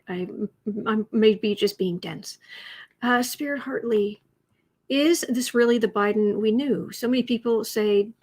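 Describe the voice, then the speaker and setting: Slow, gravelly woman chatting to viewers. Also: a little high. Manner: chatty, drifts into soft whispers and coos to a pet. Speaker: astrology and tarot channel host. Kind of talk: casual livestream chat reading viewer comments.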